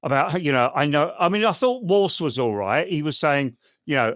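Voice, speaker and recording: A man's voice: fairly high pitch, expressive, brisk, hardly any pauses, fairly bright tone, dry recording, clean studio sound. A man with an English accent co-hosting a comedy podcast, grumbling and mocking with plenty of swearing. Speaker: podcast co-host. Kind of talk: casual comedic chat.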